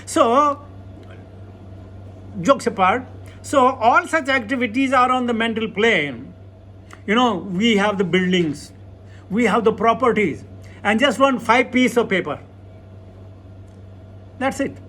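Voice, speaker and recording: A man teaches from scripture in a high, light voice. He talks conversationally and keeps asking his listeners questions to draw them in. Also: expressive, slow pace, long pauses, pushed and bright. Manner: conversational, asks the audience rhetorical questions. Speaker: spiritual teacher. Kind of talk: scripture lecture.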